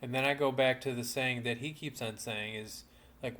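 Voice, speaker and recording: A man's voice: medium pitch, steady tone, normal speed, a bit bright. A man co-hosting a podcast, chatting casually in a laid-back way with short agreeing remarks. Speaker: podcast co-host. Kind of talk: casual chat.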